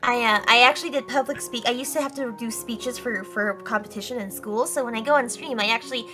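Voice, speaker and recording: Fast-talking woman with a Southern accent. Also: on the high side, music in the background. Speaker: guest streamer. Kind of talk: casual chat.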